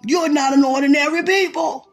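A woman preaching a fervent sermon, repeating phrases and bursting into shouts. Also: high-pitched, fairly even intonation, moderate pace, faint music behind. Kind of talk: impassioned sermon.

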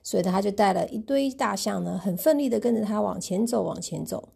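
Woman, storybook read-aloud, mellow, fry in the voice. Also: mid-range voice, quick pace. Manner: gentle, expressive, retells each page. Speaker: storybook reader. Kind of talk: bilingual picture book read-aloud.

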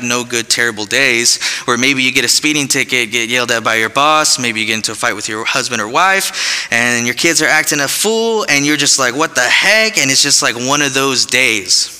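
A man's voice: mid-range voice, pushed and bright, clear, resonant tone. A man preaching a sermon to his church, conversational and folksy with casual asides. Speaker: pastor. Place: church sanctuary. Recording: long hall reverb.

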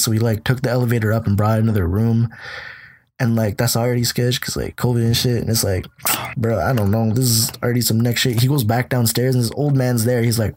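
Young male podcast host, sleep-deprived, husky voice, loose profane storytelling. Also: mid-range voice, fairly even intonation, fairly quick, darkish tone. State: tired from lack of sleep. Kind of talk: casual podcast chat.

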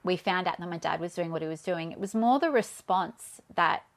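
A woman's voice: fairly low pitch, brisk, slight background noise. Australian woman, 30s, interview guest; candid, earnest, slightly nervous delivery. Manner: earnest, candid, at times shaky with nerves. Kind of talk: personal interview.

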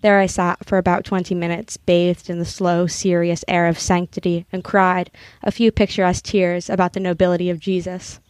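A young woman from Los Angeles talks casually on a podcast, laughing easily between lines. When she reads aloud, she slows into an earnest, careful delivery. The sound is close and dry, with no room around it. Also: lowish voice, level tone, darkish tone, clean tone, no room sound. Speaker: podcast co-host. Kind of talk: casual chat with a read-aloud passage.

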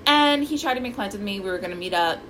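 A woman's voice: medium pitch, quick pace, slight background noise, rough recording. A woman telling a dating story in casual chat, acting out quotes and swearing freely. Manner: animated, swearing, acts out quotes.

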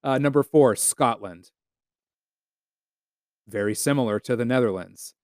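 A man's voice: mid-range voice, a little slow, darkish tone, dry recording, clean studio sound. A man hosting his own podcast, talking casually and sarcastically, swearing often and laughing between stories. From United States. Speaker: podcast host. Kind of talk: casual solo podcast monologue.

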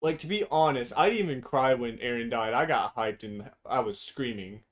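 A man with a middle-pitched voice talks in a loose, casual back-and-forth. He is blunt and profane and ready with strong opinions. He tends to wander into long tangents. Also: normal speed. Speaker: podcast co-host. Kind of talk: casual chat.

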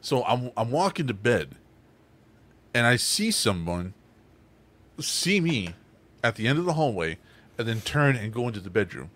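A man's voice: mid-range voice, normal speed, pauses often. A man hosting a casual podcast, telling stories with lots of swearing and acting out what people said. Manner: animated storyteller, swears often, acts out quoted voices. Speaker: podcast host.

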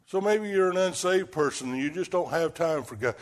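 A man preaching a folksy sermon, swinging from loud bursts down to hushed lines. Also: a little high, brisk. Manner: animated, swings from shouting to near-whisper, folksy.

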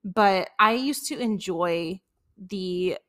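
A woman's voice: medium pitch, slow pace, fairly bright tone. A young woman co-hosting a podcast, chatting casually about her candle business, with lots of filler words and restarts. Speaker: podcast co-host, candle maker. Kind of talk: casual chat.

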